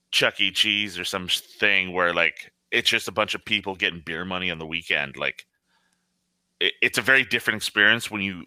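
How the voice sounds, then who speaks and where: A man's voice: deep voice, pushed and bright, smooth, no room sound. A man who works as a line cook, talking casually and bluntly with lots of swearing and rambling asides. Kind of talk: casual podcast chat.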